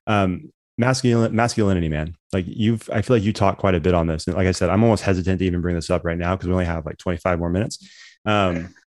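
A man's voice: low-pitched, fairly even intonation, quick pace, a little mellow, no echo, studio quality. A man hosting a casual podcast interview, affirming his guest and often saying "man". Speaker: podcast host.

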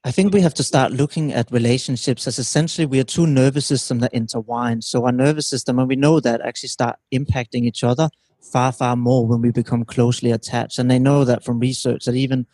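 Guy calmly explaining relationship stuff as a guest, teacherly, keeps asking right?, dry sound. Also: medium pitch, fast talker, dry recording. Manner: calm, teacherly, often checks in with "right?". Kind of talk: explanatory interview answers.

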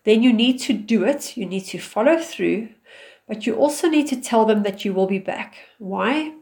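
A woman and mother giving direct relationship advice in a calm, firm, instructive manner. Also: fairly high pitch, normal speed.

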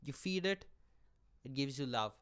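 Hosting his own podcast, a man who aspires to stand-up comedy unleashes a profane, exaggerated comic rant peppered with "all right?" asides to the listener. His mid-range voice is expressive and unhurried, a bit bright with a clean tone.

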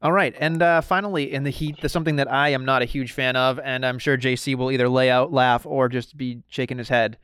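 A man's voice: mid-range voice, fairly even intonation, brisk, hardly any pauses, a bit bright, clear, resonant tone, no room sound. A man co-hosting a wrestling podcast, ranting with exasperation and swearing in casual chat. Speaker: podcast co-host.

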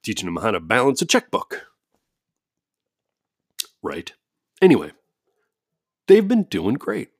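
A man's voice: fairly low pitch, wildly swooping pitch, slow, long pauses, breathy edge, no echo, clean studio sound. A man talking at home in a casual ranting monologue, profane and sarcastic, with frequent laughs. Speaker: parent with kids at home.

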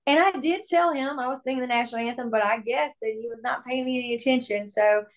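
In a relaxed interview, a young woman who writes and sings country music spins stories with lively exclamations and performed bits of dialogue. She speaks quickly, at a fairly high pitch.

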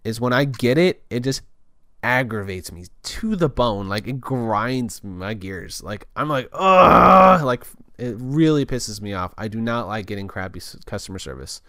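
A man's voice: fairly low pitch, animated, normal speed, no room sound. A young man telling a casual story in a loose, rambling way, full of restarts and filler words.

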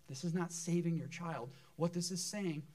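A man's voice: fairly high pitch, normal speed, darkish tone. A man preaching as a pastor to his church, earnest, often repeating words as he stresses a point. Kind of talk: sermon. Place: church sanctuary.

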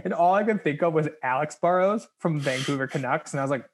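A young man co-hosting a podcast, telling a work story in casual chat, animated and laughing, acting out the voices of the people in it. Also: on the high side, quick pace. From United States. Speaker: podcast co-host.

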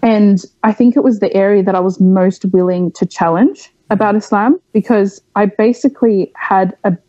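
A woman's voice: mid-range voice, moderate pace, warm tone, no echo, muffled recording. A young woman from Australia, a podcast guest, speaking frankly and at length in a candid interview, with many fillers.

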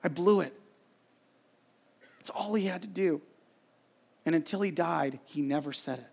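A man's voice: on the high side, unhurried, vocal fry, a little mellow, breathy edge. A man, a pastor, giving an earnest sermon and telling a family story with quoted dialogue.

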